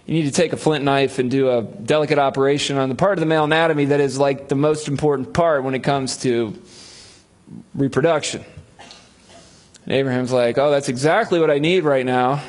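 A man's voice: mid-range voice, fairly even intonation, brisk, darkish tone. A male pastor preaching a sermon, telling a Bible story with humor and acting out the voices of its figures.

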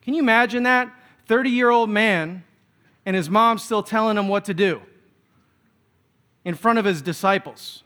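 A man's voice: sits high, normal speed, pauses often, fairly bright tone, clear, resonant tone. A man of Filipino background preaching a sermon, telling stories with humor and acting out the voices he quotes. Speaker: pastor.

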